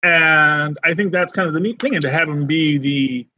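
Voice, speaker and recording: A man co-hosting a podcast in casual chat, rambling and animated with many restarts. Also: fairly high pitch, moderate pace, highs cut off, a little hiss or hum. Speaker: podcast co-host.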